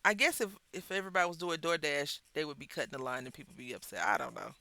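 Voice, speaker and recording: A woman hosting a crafting video, telling a story in a chatty, animated way with wry asides while she works at her craft table. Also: deep voice, fast talker. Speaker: craft channel host.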